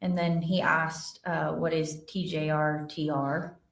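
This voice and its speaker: A woman investigator testifying in a courtroom, reading text messages aloud in a plain, steady way with fillers. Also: low voice, takes it slowly, creaky. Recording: roomy courtroom audio from far off.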